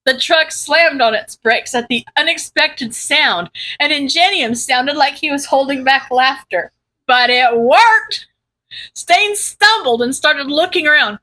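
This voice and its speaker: A woman narrates a fan-written story in a lively reading style. Her voice is high and bright. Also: a little slow, low-quality recording. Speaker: audiobook reader. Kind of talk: reading fan fiction aloud.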